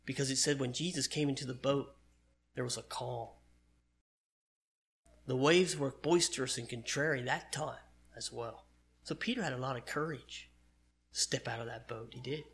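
A man's voice: mid-range voice, moderate pace, pauses often, fairly bright tone. A man preaching a sermon in an earnest, conversational way, reading and explaining scripture.

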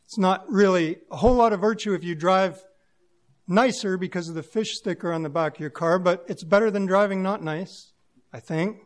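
A man's voice: high-pitched, moderate pace. A man preaching a sermon to his congregation, musing aloud in a plain-spoken way and using homely examples.

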